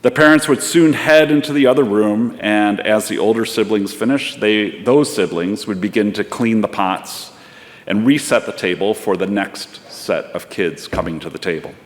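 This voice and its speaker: A man's voice: fairly low pitch, normal speed. A man preaching a sermon as pastor, in a reflective storytelling way. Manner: storytelling, reflective, acts out voices. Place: church sanctuary. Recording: long church hall reverb.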